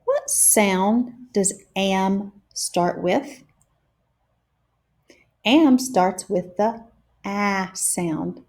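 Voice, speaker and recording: A woman teacher leading a phonics lesson for young children, sounding out each word slowly and clearly. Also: mid-range voice, a little mellow. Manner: slow and deliberate, stretching out each sound.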